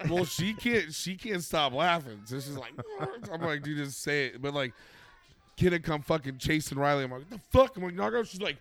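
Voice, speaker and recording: A man's voice: on the high side, lively intonation, moderate pace, fairly bright tone. A man co-hosting a podcast, telling crude stories in a profane, laughing, casual chat among friends. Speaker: podcast co-host.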